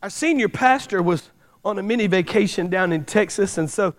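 A middle-aged man preaching a sermon, repeating key lines and driving points home with loud bursts. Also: high voice, normal speed. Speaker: pastor.

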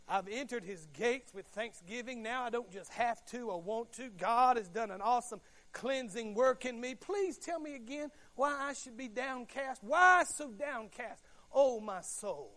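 A man preaching a sermon, emphatic and repetitive, swinging from hushed to shouting. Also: very high voice. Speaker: pastor.

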